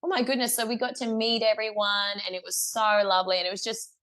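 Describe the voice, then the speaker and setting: A woman's voice: medium pitch, steady tone, quick pace, fairly bright tone. A young woman with an Australian accent, a guest musician telling a story in a casual interview, chatty, laughing often, with lots of fillers and restarts.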